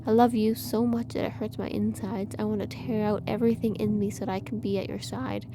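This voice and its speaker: A woman's voice: mid-range voice, little pitch movement, fairly quick, noisy background, natural voice. A woman voicing a male artificial child creature who talks in a pained, pleading way to the one who raised him.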